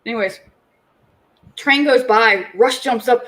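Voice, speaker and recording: A woman in her forties, a podcast co-host, telling a family story in casual chat, animated and swearing freely. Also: medium pitch, moderate pace, low-quality recording.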